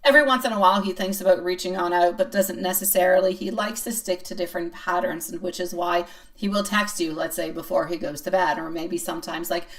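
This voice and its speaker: A woman's voice: lowish voice, steady tone, a little fast. Chatty woman tarot reader, distant mic. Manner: chatty, playful, self-mocking, answers chat comments. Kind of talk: live-stream tarot reading.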